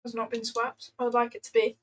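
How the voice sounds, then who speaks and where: A woman's voice: on the high side, completely flat delivery, quick pace, noisy background. Chatty young woman streaming. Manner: playful, rambling, reacts to chat. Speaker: trading livestreamer. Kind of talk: casual livestream chat.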